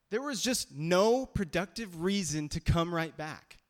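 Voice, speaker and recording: A man's voice: high-pitched, animated, unhurried, hardly any pauses. Conversational male preacher in a reverberant hall. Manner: conversational, emphatic, with restarts. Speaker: pastor. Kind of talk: sermon.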